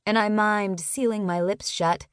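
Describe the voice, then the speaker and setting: A woman narrating a novel in the first person, in a lively, expressive reading style. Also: mid-range voice, unhurried, smooth, dry recording, studio quality. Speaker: audiobook narrator. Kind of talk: scripted narration.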